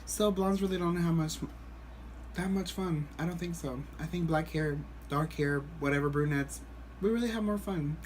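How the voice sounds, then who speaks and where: A man vlogging, telling a story to the camera in a rambling, animated way with lots of restarts. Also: fairly high pitch, moderate pace, a little hiss or hum.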